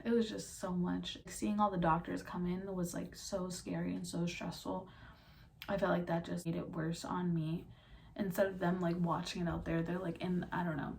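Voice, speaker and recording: Young female vlogger, gravelly fry, emotional storytime, recorded from a distance with faint room noise. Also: on the low side, level tone, moderate pace, a little mellow. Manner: rambling, filler-heavy, tearful at times. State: emotional, near tears.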